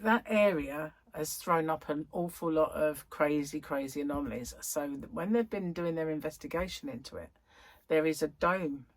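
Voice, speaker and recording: Chatting to camera on her crochet vlog, this middle-aged woman rambles in a relaxed way, full of ums and corrections of herself. She speaks low, with no room sound.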